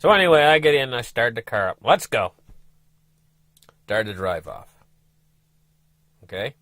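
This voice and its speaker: A man's voice: mid-range voice, expressive, moderate pace, a bit bright, no echo. A man who is a travel vlogger, telling a story in a casual, folksy, rambling way with restarts and asides to the viewers.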